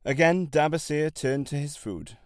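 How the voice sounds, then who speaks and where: A man narrating an audiobook calmly and evenly as the host of his podcast. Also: a little high, normal speed, no room sound, clean studio sound. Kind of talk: scripted narration.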